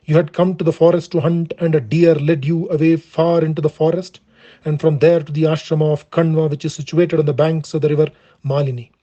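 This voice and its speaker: Male reader voicing a proud, wronged young woman, kept plain and earnest; slightly high, soft-toned. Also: a little fast, natural voice. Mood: pleading. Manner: steady earnest reading in the performer's own voice. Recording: dull lo-fi recording.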